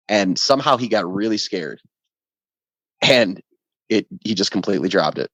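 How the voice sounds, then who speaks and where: A man's voice: fairly low pitch, moderate pace, long pauses, no echo. Man telling a story, lo-fi and dry. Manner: animated, profane storytelling. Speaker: ska band member, guest. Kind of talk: casual podcast interview. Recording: dull lo-fi sound, dry.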